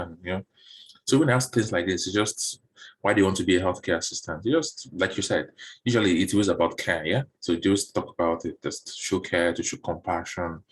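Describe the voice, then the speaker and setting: A man coaching job seekers through interview questions in a relaxed online session, often repeating words while he thinks, heard over a video call. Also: sits low, a little hiss or hum.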